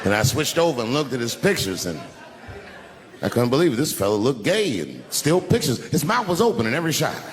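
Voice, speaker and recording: A man's voice: medium pitch, sing-song, brisk, crowd noise. A man performing a stand-up comedy routine in a club, telling a profane story and acting out other people's voices, with the audience laughing. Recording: live club recording with long reverb.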